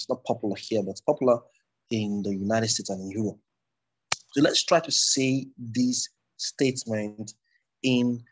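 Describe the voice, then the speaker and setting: Husky Nigerian man teaching public speaking. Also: medium pitch, low-quality recording. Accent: Nigerian English. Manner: loose, digressive explaining with restarts. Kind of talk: recorded lecture.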